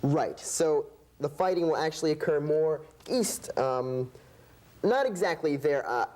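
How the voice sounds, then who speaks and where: A man's voice: fairly high pitch, animated, a little slow, a little mellow. A man playing a bumbling male foreign terrain expert in a student comedy sketch, rambling with many ums and hesitations. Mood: flustered. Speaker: sketch actor.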